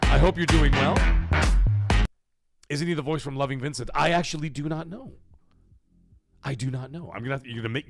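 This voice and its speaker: A man's voice: medium pitch, brisk, pauses often, soft background music. A man hosting a livestream, chatting casually and profanely in a rambling way while reading chat messages. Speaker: livestream host.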